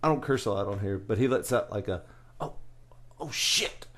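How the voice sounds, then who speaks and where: Chatty man telling a workplace story. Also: fairly low pitch. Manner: animated storyteller, quick bursts, many fillers and restarts. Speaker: podcast host. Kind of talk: casual storytelling chat.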